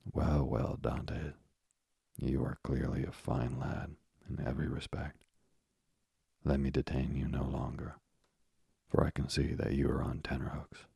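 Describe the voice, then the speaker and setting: A man reading the part of a kindly, fatherly old ship owner in a gentle way. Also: rumbling low, flat delivery, a little slow, vocal fry, slightly rough, dry recording, studio quality, full character voice. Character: elderly male ship owner, kindly and paternal.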